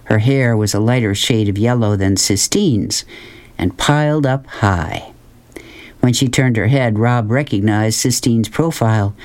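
Man reading an audiobook, slow and calm, even storytelling voice. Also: fairly low pitch. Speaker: audiobook narrator. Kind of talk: scripted narration.

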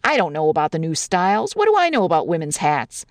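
A woman's voice: on the low side, wildly swooping pitch, fast talker, dry recording, clean studio sound. A woman voicing a fumbling young husband. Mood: defensive. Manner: soothing, fumbling, folksy slang. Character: easygoing young newlywed husband, placating and folksy. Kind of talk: dramatic story reading.

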